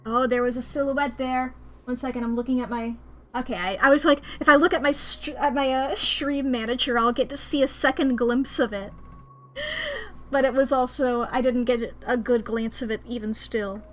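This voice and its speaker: A woman's voice: on the high side, steady tone, normal speed, a little hiss or hum. A woman streamer reading a visual novel aloud between playful, self-mocking asides.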